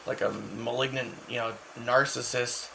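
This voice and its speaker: A man's voice: medium pitch, flat delivery, gravelly, pushed and bright, a little hiss or hum, rough recording. Profane, rambling man talking casually. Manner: profane, halting, full of restarts and fillers. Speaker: channel host.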